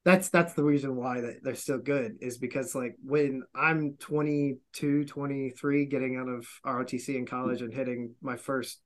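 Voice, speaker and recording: A man's voice: mid-range voice, normal speed, hardly any pauses. A man in his thirties from the United States hosts a podcast in casual chat. He is a former intelligence officer who swears freely and mimics people as he tells stories. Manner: profane, animated, mimics people.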